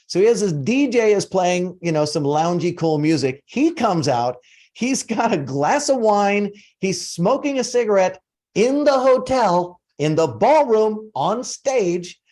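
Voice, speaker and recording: Energetic man hosting a coaching call. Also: high voice, unhurried. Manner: energetic, animated storyteller. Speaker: host and coach. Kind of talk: casual group coaching call.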